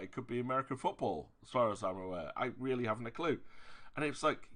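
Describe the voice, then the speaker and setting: A man's voice: sits low, bright, forceful tone. A man with a Yorkshire accent chatting casually while streaming a game. He rambles, hesitates and corrects himself often, with an exasperated, emphatic edge.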